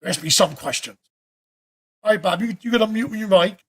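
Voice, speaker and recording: Man, photography instructor, chatty and animated, video-call audio. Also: high-pitched, a little fast, husky. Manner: chatty, animated storyteller with restarts. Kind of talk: live online Q&A demo.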